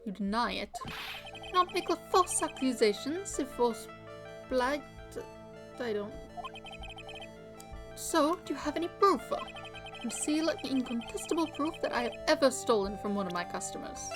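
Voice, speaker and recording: A woman's voice: high voice, expressive, moderate pace, long pauses. A woman voicing a flamboyant middle-aged male French chef with a fake French accent, theatrical and indignant, over game music. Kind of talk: reading game dialogue aloud on stream.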